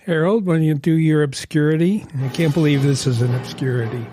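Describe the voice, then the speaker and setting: A man's voice: on the high side, fairly even intonation, a little fast, dark tone, faint music behind. A man from Los Angeles, co-hosting a podcast, telling stories in a chatty, laughing way. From Los Angeles, USA. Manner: chatty storyteller who laughs often. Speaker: podcast co-host. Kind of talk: casual podcast chat.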